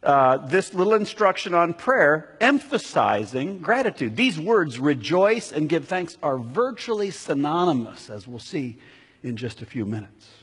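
A man's voice: fairly high pitch, big pitch swings, unhurried, a bit bright, husky. A man preaching a sermon as a pastor who keeps asking the congregation questions, recorded in a church sanctuary. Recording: long reverb of a large hall.

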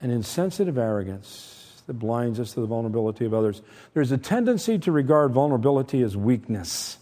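A middle-aged man preaching a sermon, emphatic, shifting between loud stressed points and quiet asides. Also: medium pitch, very animated, fairly quick. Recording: long reverb from a large hall.

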